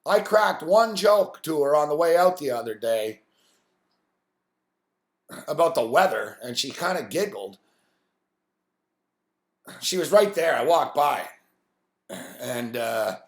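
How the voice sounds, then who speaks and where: A man telling a long, swearing-laced workplace story on a live stream, quoting coworkers and his own thoughts as he goes. His voice sits at an ordinary pitch. It rings in a noticeably echoey room. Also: normal speed, long pauses. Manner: profane, rambling, animated anecdote telling. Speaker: host.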